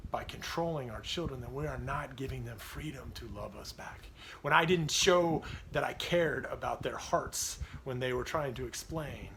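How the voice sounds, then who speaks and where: A man's voice: mid-range voice, a bit bright, slight background noise. A man in his thirties, a pastor giving a devotional talk on parenting, telling a personal story in an earnest, confessional way.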